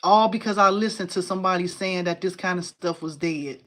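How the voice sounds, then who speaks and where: A woman hosting a casual crafting live stream from home. She talks in an excitable, chatty way, says "y'all" a lot, and answers viewers' comments aloud. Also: lowish voice, fairly quick. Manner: uses y'all and informal phrasing.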